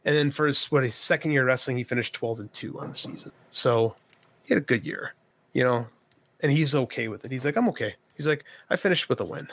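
A man's voice: medium pitch, brisk, no room sound. Man in his thirties, storytelling. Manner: storytelling, animated, quotes himself and his son. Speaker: podcast co-host. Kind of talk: casual chat.

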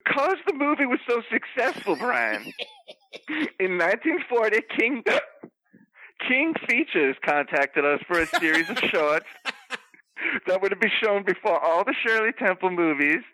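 A man's voice: high-pitched, very animated, measured pace, bright, forceful tone, full character voice, rough recording. A man playing a hiccuping, gossipy old Southern belle. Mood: flustered. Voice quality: gasping hiccups between phrases. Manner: rambling, scandalous gossip with giggles. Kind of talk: comedic character bit.

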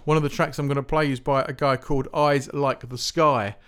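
A man's voice: medium pitch, steady tone, fairly quick, fairly bright tone, clear, resonant tone. A man hosting a music podcast, talking in a rambling, chatty, self-mocking way with lots of restarts. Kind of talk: casual solo podcast chat.

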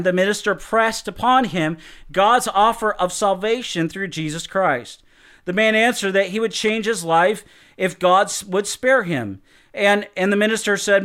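Earnest high-voiced male Bible teacher. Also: fairly bright tone, clear, resonant tone. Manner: earnest, measured reading with scripture quotes. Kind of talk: sermon-style Bible teaching.

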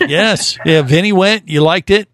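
A man's voice: a little high, fairly bright tone. A man hosting a casual podcast chat, rambling with lots of fillers and restarts. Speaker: podcast host.

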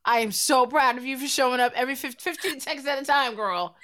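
A woman hosting a casual chat show, animated and laughing often. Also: high voice, fast. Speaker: host.

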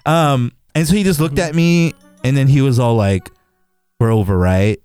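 A man co-hosting a podcast, telling a story in casual chat, animated and laughing often as he acts out what people said. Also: a little high, normal speed, over music. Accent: Texan. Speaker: podcast co-host.

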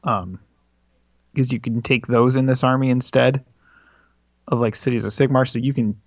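A man in casual chat, calmly and knowledgeably explaining tabletop game rules. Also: medium pitch, moderate pace, no echo. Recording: dull, dry lo-fi audio.

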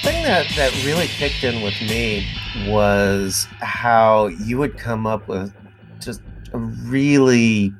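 An interviewer who laughs easily and talks with a lively, swinging pitch. The chat is casual. Soft music plays underneath. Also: takes it slowly.

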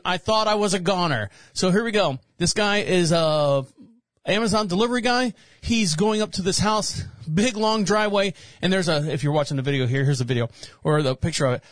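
A man's voice: sits high, no room sound. A man hosting a podcast, talking casually and rambling with frequent restarts. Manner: rambling, self-correcting, chatty. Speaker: podcast host.

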